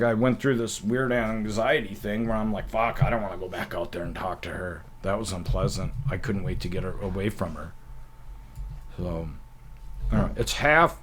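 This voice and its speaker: Low-ish voiced guy telling funny stories, swears a lot, faint noise behind. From North Dakota. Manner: animated, profane, acts out quotes. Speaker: talk show host. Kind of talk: comedic storytelling.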